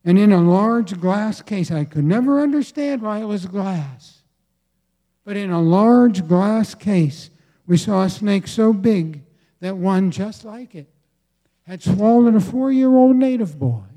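Slow, deliberate preacher man. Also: sits high, expressive, warm tone. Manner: slow, deliberate, with emphatic pauses and repetition. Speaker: pastor. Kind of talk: sermon.

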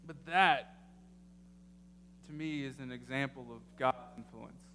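A man preaching a sermon as pastor, halting with many ums and emotional at times. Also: mid-range voice, pushed and bright. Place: church sanctuary. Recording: echoey hall with faint noise.

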